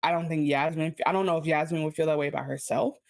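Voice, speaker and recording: A woman's voice: sits low, steady tone, quick pace, vocal fry. A woman co-hosting a podcast, chatting casually about a TV episode with rambling, self-interrupting asides. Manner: rambling, many restarts, giggly asides. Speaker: podcast co-host. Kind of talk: casual TV recap chat.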